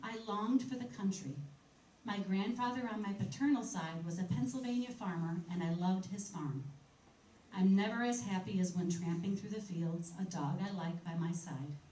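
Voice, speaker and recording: A woman presents a museum history program, chatting easily between passages she reads aloud from old articles. Her voice has an ordinary middle pitch. She sounds distant from the microphone in a reverberant room, with a faint hiss underneath. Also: moderate pace, mellow. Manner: conversational, reading quotes aloud from old articles. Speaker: museum director giving a history talk. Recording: echoey room, speaker far from mic, faint noise.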